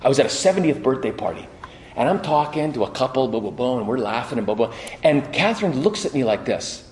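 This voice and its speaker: A middle-aged man preaching a sermon, telling stories with lively quoted voices and frequent restarts. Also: mid-range voice, fast talker, a little hiss or hum. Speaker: pastor. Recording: echoey hall.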